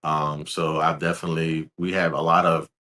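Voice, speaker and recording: Man, very low voice, calm and soft-spoken, young adult, from Louisiana, interview guest. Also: moderate pace. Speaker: guest, videographer. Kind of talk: casual interview answers.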